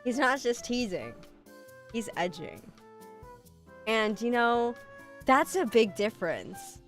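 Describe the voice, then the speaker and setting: A woman VTuber chatting with her stream audience, her pitch leaping around animatedly as she talks. She is casual, profane and self-mocking, reading and answering chat as she goes. Soft music plays faintly behind her. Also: sing-song, takes it slowly.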